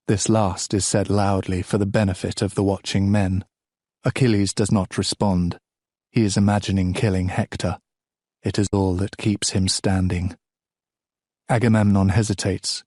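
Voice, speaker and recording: A man narrating an audiobook of a novel in a slow, measured, grave reading. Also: deep voice, little pitch movement, a little mellow, no echo, clean studio sound.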